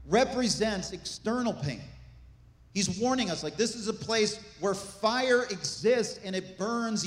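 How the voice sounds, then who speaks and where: A man preaching a sermon as pastor, animated, with asides and jokes to the congregation. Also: high-pitched. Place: church sanctuary. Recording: echoey church hall.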